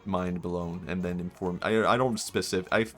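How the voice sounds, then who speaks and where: A young man talks casually on his live stream, rambling and laughing at his own bits as he reacts to chat. His voice sits a little low. Faint music plays behind him. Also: steady tone, normal speed. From Sweden.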